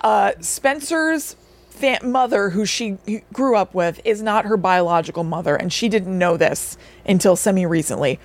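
Young woman podcast cohost, rambling excited plot recap, middle pitched voice, acts out lines. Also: normal speed. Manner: animated plot recap with acted-out quotes. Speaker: podcast co-host. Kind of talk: casual chat.

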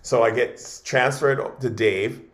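Guy guesting on an interview, spiritual healer type, chatty and animated, keeps restarting his sentences, middle pitch. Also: unhurried, reverberant. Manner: animated, repeats and restarts words often. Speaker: guest shaman. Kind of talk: casual interview storytelling.

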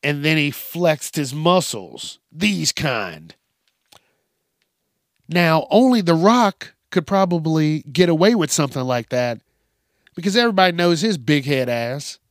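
Male comedy news host, profane, mocking, slow delivery, dry close sound. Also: on the high side, animated, dry recording. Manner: profane, mocking, laughs often.

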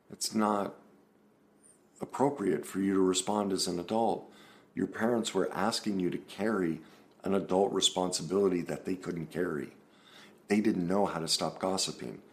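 A man with a very low voice speaks in a relaxed, casual way straight to the camera. He sounds like a therapist, earnest and explaining things step by step. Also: moderate pace, long pauses.

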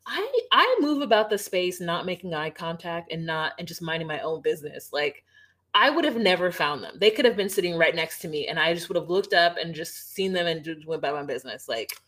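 A woman's voice: fairly low pitch, big pitch swings, fairly quick, fairly bright tone. A woman co-hosting a podcast, telling the story in a rambling, frank way with casual swearing. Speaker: podcast co-host. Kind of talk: casual recap chat.

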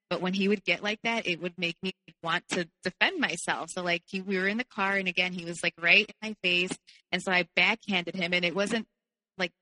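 A young woman with a bright, forward voice tells her own story as a podcast guest, candid and loose, with lots of fillers. The mic is dry and close, yet a long reverb tail trails behind her words. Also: fairly low pitch. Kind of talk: casual personal storytelling.

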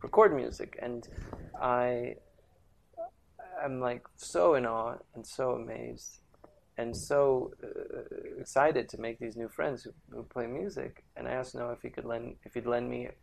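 A man's voice: mid-range voice, steady tone, a little slow, vocal fry. A man who is a musician, chatting on a podcast and telling loose, rambling stories. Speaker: guest musician. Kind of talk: casual podcast chat.

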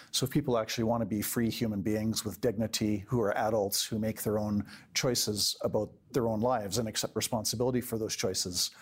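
A man answering interview questions in an earnest, deliberate way with frequent pauses. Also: fairly low pitch. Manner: earnest, deliberate, many uh fillers. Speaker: interview guest, legal advocate.

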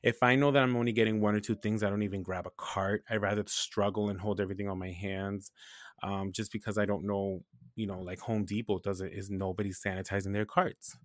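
A man from New Hampshire chatting casually as a podcast co-host, telling an animated, profane story and often laughing. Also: on the low side, fairly quick, no echo, clean studio sound. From New Hampshire, USA. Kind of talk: casual chat.

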